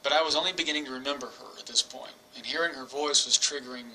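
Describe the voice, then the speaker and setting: A man in his forties telling a personal story to camera, rambling and halting with many restarts. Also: medium pitch, sharp tone, slight background noise, low-quality recording. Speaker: vlogger. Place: England.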